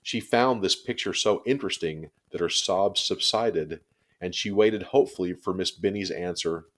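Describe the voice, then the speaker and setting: A man with a very deep, low voice reads a children's chapter book aloud. His storytelling is steady and expressive, paced for young listeners. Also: normal speed.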